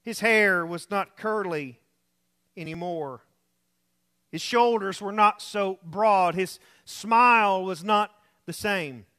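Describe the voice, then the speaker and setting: A male pastor delivering a sermon in a high, bright voice. He speaks slowly and deliberately. He tells stories and often sinks to a hush to make a point. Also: clean tone. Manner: storytelling, dropping to soft tones for emphasis. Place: church.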